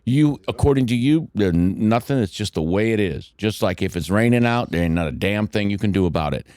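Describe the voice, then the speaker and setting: A man's voice: fairly low pitch, expressive, brisk, a little mellow, clean tone, no echo, studio quality. An older man co-hosting a podcast, giving blunt, emphatic life advice and swearing freely. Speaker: podcast co-host and mentor. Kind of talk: casual motivational talk.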